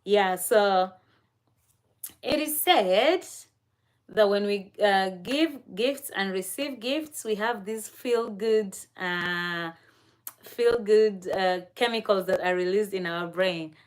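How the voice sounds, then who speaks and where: A woman chatting on a livestream in an unhurried, easygoing way. Her pitch sits in an ordinary middle range, and she laughs often and leans on lots of fillers while talking to the viewers in the chat. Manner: talks to chat viewers directly. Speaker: livestream host.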